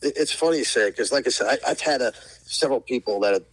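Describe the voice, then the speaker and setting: A man's voice: medium pitch, fast talker, slightly rough, dry recording, low-quality recording. A middle-aged man from New York, a podcast guest, telling a rambling story and acting out what people said. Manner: rambling storyteller, acts out quotes. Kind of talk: casual podcast conversation.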